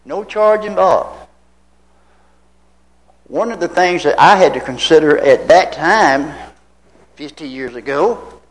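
A man's voice: on the high side, poor audio. A man in his seventies from Tennessee, preaching a sermon told as a folksy personal story full of rhetorical questions. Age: 70s. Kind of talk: anecdotal sermon.

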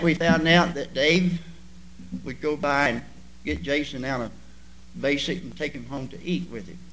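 A man preaching a sermon to his church, with sudden loud bursts and drawn-out emphasis. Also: fairly high pitch, slight background noise, low-quality recording. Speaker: pastor.

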